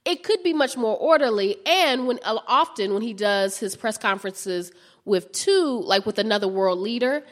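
A woman's voice: a little high, expressive, normal speed. A woman White House reporter answering interview questions in a chatty way, with many restarts and fillers.

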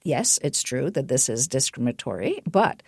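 A middle-aged woman explaining research findings in a radio interview, animated and given to restarts. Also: rumbling low, moderate pace, gravelly, breathy edge, dry recording, clean studio sound. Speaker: guest researcher.

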